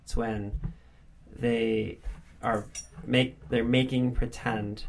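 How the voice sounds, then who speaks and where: A man's voice: mid-range voice, little pitch movement, drawn-out words, gravelly, slight background noise. A man co-hosting a podcast in easy, casual chat. He teases his co-hosts playfully and sounds eager and enthusiastic. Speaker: podcast co-host.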